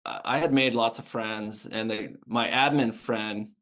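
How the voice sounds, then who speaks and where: A man's voice: lowish voice, a little slow, fairly bright tone. A man in his fifties from the United States, a former Navy sniper and podcast guest, telling his story in a blunt, casual way that is full of restarts and swearing.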